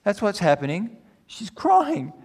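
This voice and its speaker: A man preaching a sermon, telling a story with animated, rising delivery that climbs to near-shouting at its peak. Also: high-pitched, a little slow, husky, big-room sound.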